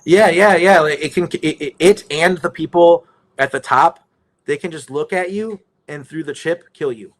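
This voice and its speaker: A man's voice: fairly high pitch, moderate pace. A man telling a rambling story in casual conversation, swearing often and restarting his sentences. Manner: rambling, profane, many restarts.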